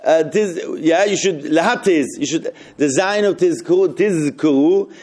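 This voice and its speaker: Leading a group text study, a man whose voice is a little high and a little mellow reads passages slowly aloud before explaining and puzzling over them.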